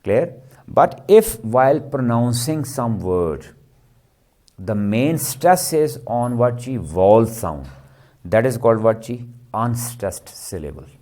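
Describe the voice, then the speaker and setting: A man teaches a class. He answers his own questions as he goes. His voice is warm and mellow, and he keeps checking whether the students are following. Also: mid-range voice, sing-song, slow pace. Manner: checks understanding with frequent "clear?" and "ji". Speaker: lecturer. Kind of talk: classroom lecture.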